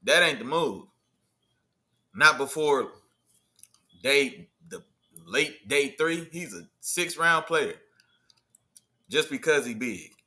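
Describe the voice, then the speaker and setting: A man hosting a casual sports livestream, talking in loose slang, riffing and answering his chat in an animated way. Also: a little high, slow, pauses often. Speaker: livestream host.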